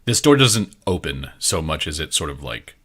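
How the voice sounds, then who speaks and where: Deep-voiced man running a tabletop game. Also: big pitch swings, moderate pace, pushed and bright. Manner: rambling, with many fillers and restarts. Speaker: game master.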